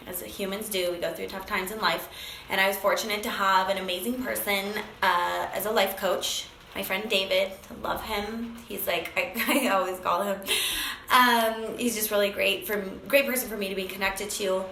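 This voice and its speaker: Animated woman telling a personal story. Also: medium pitch, moderate pace, gravelly, roomy sound, a little hiss or hum, poor audio. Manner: animated, acts out phone calls, many fillers. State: briefly tearful. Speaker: speaker sharing a personal story.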